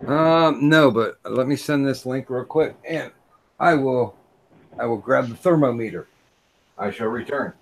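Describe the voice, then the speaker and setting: A man streaming with a fever, talking haltingly with many restarts and struggling to focus. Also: mid-range voice, gravelly, a little hiss or hum. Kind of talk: casual chat.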